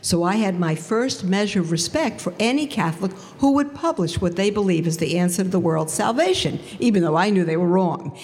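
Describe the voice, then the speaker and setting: A woman giving a faith testimony to an audience, telling her story in an animated way and acting out the dialogue. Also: lowish voice, fairly quick, hardly any pauses, in a large hall.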